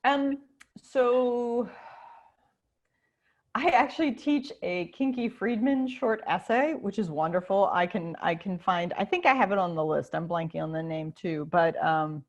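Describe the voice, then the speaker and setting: A woman professor answering teachers in a relaxed online session. She talks in a chatty, animated way, full of "um"s and quick restarts. Her voice sits at an ordinary middle pitch and comes through a video call. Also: highs cut off. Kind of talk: informal Q&A for teachers.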